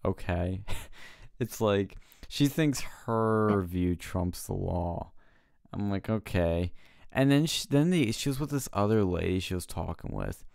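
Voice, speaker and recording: Male co-host, lowish smooth voice, dry close sound, animated storyteller. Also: a little slow, no echo. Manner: animated storytelling, laughing, mimicking people. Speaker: podcast co-host. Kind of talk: casual chat.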